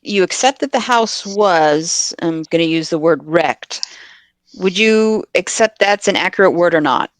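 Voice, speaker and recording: A woman's voice: on the low side, lively intonation, unhurried, no room sound. A woman voicing a cross-examining barrister, reading formal, pressing questions in a courtroom transcript reenactment.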